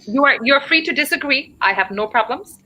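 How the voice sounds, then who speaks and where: A woman's voice: high voice, expressive, brisk, bright, forceful tone, slight background noise, poor audio. A woman teacher hosting a live online English lesson, explaining in a chatty way and checking in with her listeners.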